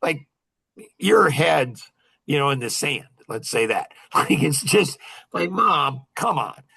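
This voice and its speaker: A man's voice: on the high side, expressive, slow pace, gravelly, bright, forceful tone, husky. A middle-aged man in casual podcast chat, rambling with many fillers and restarts and laughing often. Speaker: podcast guest.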